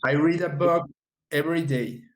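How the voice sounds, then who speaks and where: A man's voice: fairly high pitch, fairly even intonation, moderate pace. Male student, hesitant reader, mid voice, echoey and distant. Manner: hesitant, reads examples aloud.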